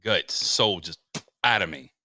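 A man's voice: low voice, unhurried, sharp tone, slight background noise. A man co-hosting a casual podcast, teasing his friend with wisecracks and laughter. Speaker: podcast co-host. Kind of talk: casual chat.

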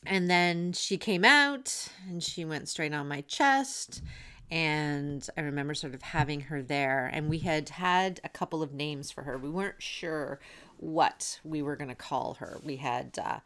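A woman's voice: low voice, a little slow, fairly bright tone, dry recording. A woman in her thirties, a doula hosting a podcast, telling her own birth story in a candid, chatty and blunt way. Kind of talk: casual personal storytelling.

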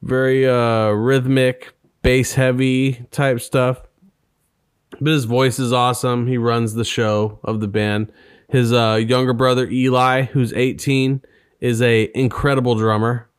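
A man co-hosting a casual chat podcast, swearing freely and joking around. His voice sits at an ordinary pitch. It is recorded close and dry, with little room sound. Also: level tone, measured pace, clear, resonant tone, no room sound. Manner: profane, joking banter. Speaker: podcast co-host.

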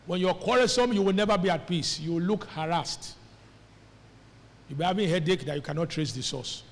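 A man preaching a sermon as pastor, animated and calling on the congregation to answer him. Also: high voice, brisk. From Nigeria. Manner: animated, calls on the congregation to respond. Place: church hall. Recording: echoey church hall.

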